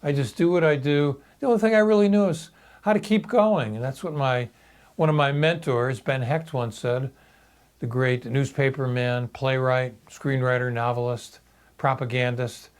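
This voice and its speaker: A man in his sixties telling a personal story in a halting, reflective video monologue. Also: medium pitch, smooth. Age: 60s. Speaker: video blogger.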